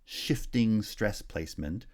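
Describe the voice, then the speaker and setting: A man teaching a linguistics lesson, explaining clearly and checking in with "right?". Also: lowish voice, animated, slow. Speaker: linguistics instructor. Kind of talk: recorded lecture.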